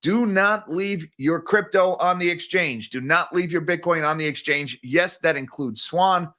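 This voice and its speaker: A man hosts a morning market news livestream, talking casually and directly to his viewers and calling them "guys." His voice is a little high with a sharp tone, and he speaks a little slowly.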